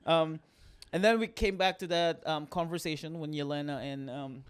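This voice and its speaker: A man co-hosting a casual podcast chat, rambling and animated as he recounts scenes. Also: a little high, moderate pace, smooth, no room sound. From Philippines. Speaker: podcast co-host.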